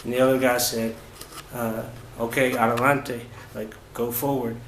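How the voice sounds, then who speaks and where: A man vlogging about his travels, recounting events in a casual, halting way with many fillers and restarts. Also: mid-range voice, little pitch movement. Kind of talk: casual first-person storytelling. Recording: roomy echo with faint ambient noise.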